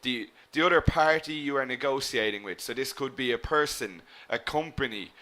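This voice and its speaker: A man's voice: medium pitch, moderate pace. A man teaching an online business English lesson, encouraging his students, naming them as he checks their answers, and often asking "okay?". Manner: lively emphasis with frequent "okay?" and "guys".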